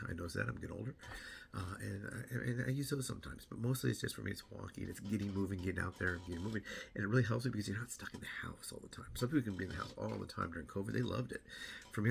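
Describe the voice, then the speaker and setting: A man's voice: sits low, gravelly, a little hiss or hum. A middle-aged man rambling casually to camera about his weight loss, repeating words and acting out what other people say.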